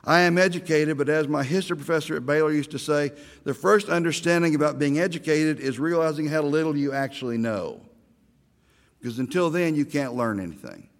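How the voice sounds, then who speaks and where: A man's voice: a little high, fairly quick, long reverb tail. A middle-aged man from Oklahoma, a pastor giving a sermon, telling stories with self-deprecating humor.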